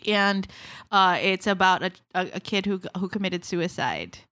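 A woman with a Filipino accent, co-hosting a podcast in casual chat, chatty and quick to laugh along. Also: medium pitch, lively intonation, bright, forceful tone. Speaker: podcast co-host.

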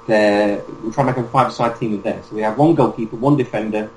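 A man's voice: fairly low pitch, fast talker, a little mellow. A man hosting a casual football podcast, leading the segment in a laid-back way with frequent fillers. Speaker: podcast host. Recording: echoey room with faint noise.

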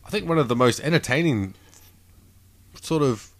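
A man's voice: mid-range voice, animated, moderate pace, dry recording. A man chatting casually as a podcast co-host, laid-back, swearing freely and laughing at his own stories. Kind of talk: casual chat.

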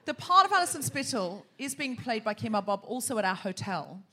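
High, lively woman hosting a comedy show. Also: fairly quick. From Australia. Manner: exclamatory, repeats phrases, laughing asides. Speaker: host. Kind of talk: live comedy podcast banter. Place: theatre stage before a live audience.

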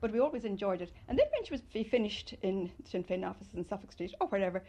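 A woman's voice: mid-range voice, fast talker. An older woman reminisces in an interview, her voice rising and falling a lot as she tells her stories. She speaks with fond animation. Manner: fond, animated storytelling with loud mimicry.

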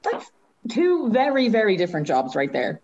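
A woman's voice: mid-range voice, wildly swooping pitch, moderate pace, highs cut off, background noise. A woman interviewing a guest, chatty and prompting with questions. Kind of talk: casual interview.

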